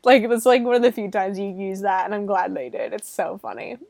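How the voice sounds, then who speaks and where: A young adult woman talks through a movie plot in a loose, irreverent way, peppering it with "like", swear words and laughter. Her voice sits at a middling pitch and sounds dry and close, with no room around it. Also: brisk, creaky, darkish tone, no room sound. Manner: chatty and irreverent, swears, laughs often, fills with "like". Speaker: movie reviewer. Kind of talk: casual spoken film recap.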